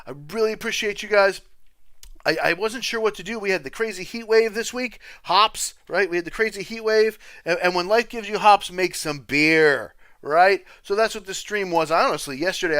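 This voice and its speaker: A man's voice: high-pitched, bright, forceful tone, clean tone, no echo. A man hosting a music livestream, reading out viewer comments in an upbeat, chatty way and thanking people often. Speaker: livestream host and music teacher.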